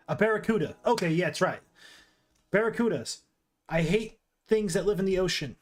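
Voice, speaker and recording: A man's voice: sits high, animated, normal speed, faint music behind. A man streaming casual commentary while ranking movies, rambling with restarts and asides.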